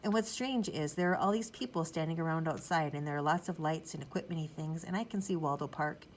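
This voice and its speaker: A woman's voice: low-pitched, fast, slight background noise, poor audio. A woman reading a children's storybook aloud in first person, in a chatty, rambling childlike manner. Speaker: audiobook narrator.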